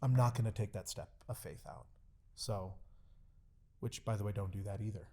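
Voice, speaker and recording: Animated storytelling male pastor. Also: on the low side. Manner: animated storytelling, acts out quoted dialogue; halting, many fillers and restarts. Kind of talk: casual podcast chat.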